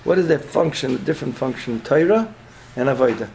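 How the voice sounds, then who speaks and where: A man's voice: medium pitch, expressive, brisk, creaky, very noisy. A man teaching a Torah class, asking questions and answering them himself. He repeats his points, checks in with a frequent "yeah?", and mixes Hebrew and Yiddish terms into his English.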